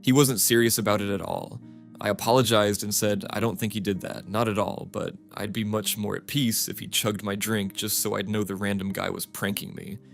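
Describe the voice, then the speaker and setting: A man reading first-person stories aloud as scripted narration, in a steady, flat reading manner. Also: fairly low pitch, normal speed, gravelly. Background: music.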